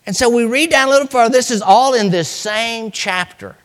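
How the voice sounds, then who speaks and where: A man preaching a sermon in a church, swinging from loud cries to hushed lines. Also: very high voice, brisk, in a large hall.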